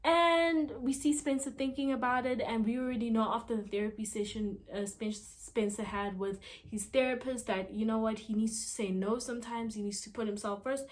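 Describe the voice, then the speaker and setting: A woman's voice: on the high side, fairly even intonation, moderate pace, few pauses. A woman casually recapping a TV episode, talking in a chatty way with lots of fillers and asides. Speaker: TV episode reviewer.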